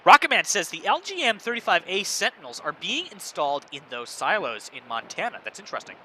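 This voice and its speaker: Guy doing a livestream, kinda high voice, super bright and tense, chatty and animated. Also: brisk, a little hiss or hum. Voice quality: echoey monitoring on his voice. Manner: animated, reads chat messages aloud. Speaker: livestream host reading chat. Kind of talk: casual livestream commentary.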